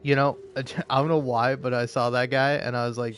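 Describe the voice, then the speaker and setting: A man's voice: mid-range voice, level tone, moderate pace, fairly bright tone, a little hiss or hum. An American man giving rambling, jokey commentary while playing a game, stammering now and then as he talks. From United States. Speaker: gaming streamer. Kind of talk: casual gameplay commentary.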